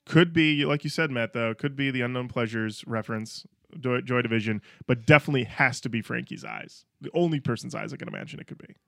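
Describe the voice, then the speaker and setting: A man co-hosts a relaxed podcast chat, joking with his friends. His voice has a gravelly fry to it. The sound is close and dry, with no room echo. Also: mid-range voice, brisk. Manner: joking, reads review quotes aloud. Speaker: podcast co-host. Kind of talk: casual chat.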